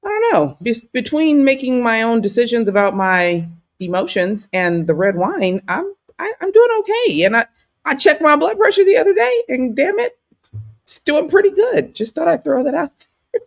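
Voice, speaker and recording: Lively, playful woman podcast host. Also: high voice, moderate pace. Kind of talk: casual chat.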